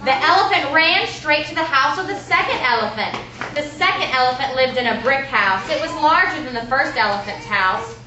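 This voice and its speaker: A woman, a teacher, telling a children's story with expressive, dramatic narration during a school performance. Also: sits high, moderate pace, lo-fi sound. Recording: echoey room, recorded from far off.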